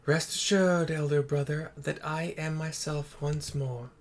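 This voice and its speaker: A man's voice: fairly high pitch, little pitch movement. A man voicing an ancient female phoenix spirit, speaking solemnly about a lost love. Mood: composed. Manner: solemn, measured storytelling.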